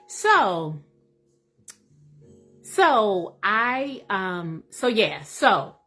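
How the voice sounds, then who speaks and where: A woman hosting a livestream, telling a funny personal story in a casual, animated way. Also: medium pitch, slightly rough. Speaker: livestream host.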